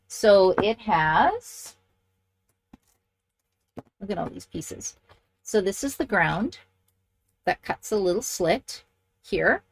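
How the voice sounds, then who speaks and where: A middle-aged woman demonstrates card making in a casual crafting tutorial, chatty and enthusiastic as she thinks aloud while working. Her mid-range voice is creaky and animated, slow with long pauses, and there's a little hiss or hum in the recording.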